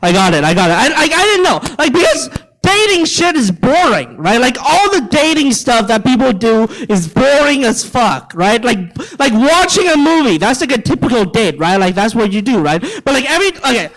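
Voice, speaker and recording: A man's voice: very high-pitched, sing-song, moderate pace, a bit bright, low-quality recording. A young man from China doing live stand-up in a theater, ranting profanely and stammering over his words. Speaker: stand-up comedian. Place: theater stage.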